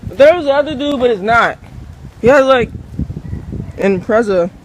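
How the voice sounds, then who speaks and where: A man vlogging in casual chat, excitable, swearing freely and laughing. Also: very high-pitched, moderate pace, dull audio, slight background noise. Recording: loud music behind the voice.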